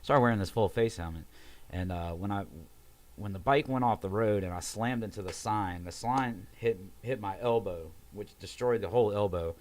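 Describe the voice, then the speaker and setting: A man's voice: lowish voice, normal speed. A young man, telling a story casually and acting out the voices of the people in it, with some swearing. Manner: animated, acts out quoted voices, swears. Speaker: podcast guest telling a story.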